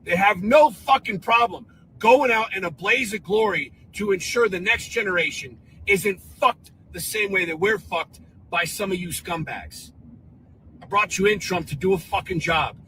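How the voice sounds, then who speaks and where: A man's voice: sits high, moderate pace, pushed and bright, slight background noise, poor audio. A man delivering a furious, profane, defiant rant, played as a clip. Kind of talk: angry video rant.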